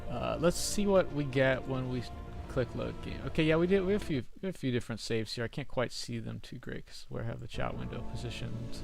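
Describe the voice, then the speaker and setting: A man's voice: mid-range voice, a little fast, creaky, over music. A young man streaming a game into a desk mic, rambling and restarting his phrases as he chats casually. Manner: rambling, restarts phrases often, laughs at mishaps. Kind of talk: casual gameplay commentary.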